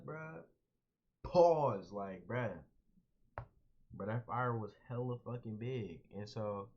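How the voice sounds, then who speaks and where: A young man with a fairly low voice tells a story in casual vlog style. He is animated and slangy, dropping "bro" constantly. The audio is dull and lo-fi. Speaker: vlogger.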